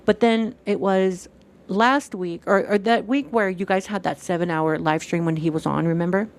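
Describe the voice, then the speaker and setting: A woman's voice: lowish voice, normal speed. A woman chatting casually on a stream, retelling events animatedly, acting out quoted dialogue and swearing freely.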